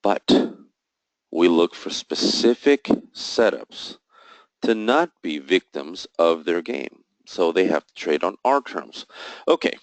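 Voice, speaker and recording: A man's voice: deep voice, sing-song, takes it slowly, dry recording, poor audio. A man teaching a live trading session, walking through charts step by step, posing questions and answering them himself, with emphatic, jokey asides. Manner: explains step by step, asks and answers his own questions. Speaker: trading instructor.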